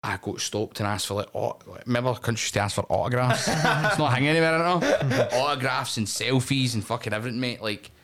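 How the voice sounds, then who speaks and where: A man's voice: medium pitch, lively intonation, fast, few pauses, a bit bright. A middle-aged man with a Scottish accent, the guest on a podcast, telling stories in casual chat, swearing freely and laughing often. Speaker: wrestling promotion owner, guest.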